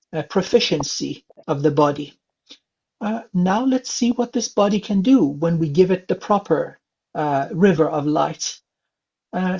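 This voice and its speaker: A man from England giving a calm spiritual reading, speaking gently with many filler sounds. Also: high-pitched, husky. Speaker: spiritual reader. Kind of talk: psychic reading session. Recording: dull lo-fi sound.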